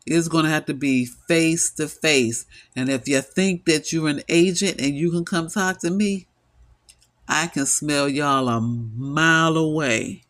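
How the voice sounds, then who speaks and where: A middle-aged man delivers an impassioned solo monologue at a slow, deliberate pace. His voice sits a little high, and he sounds weary and emphatic. He hammers his points home through repetition. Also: a bit bright. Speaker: vlogger.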